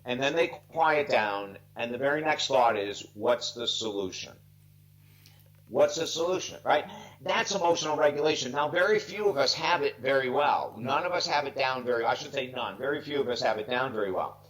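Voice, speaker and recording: A man's voice: medium pitch, brisk, few pauses, a bit bright, rough recording. A man in his sixties, a life coach, telling stories earnestly and emotionally, near tears, on a video call. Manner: earnest, heartfelt, emphatic. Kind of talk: earnest storytelling interview.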